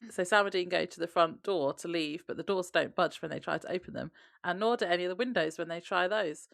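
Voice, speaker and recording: A woman with a gravelly, lowish voice recaps an episode in easygoing podcast chat. She laughs often and slips quoted lines into her retelling. The sound is close and dry. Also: quick pace, fairly bright tone, no echo. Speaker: podcast co-host.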